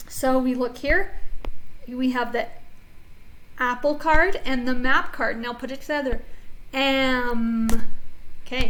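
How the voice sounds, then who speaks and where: A woman leads an early reading phonics lesson for children, modeling each sound clearly and with encouragement. Her voice is high and fairly bright, and the poor recording carries a little hiss or hum.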